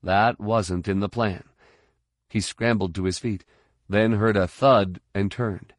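A man narrating an action novel in a steady, measured reading on a close mic. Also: on the low side, dry recording. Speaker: audiobook narrator. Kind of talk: scripted narration.

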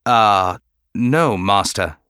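A man voicing a troubled warrior-monk weighed down by grief and guilt, speaking in a respectful, restrained, quietly pleading way. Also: lowish voice, sing-song, moderate pace, no echo, studio quality. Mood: subdued.

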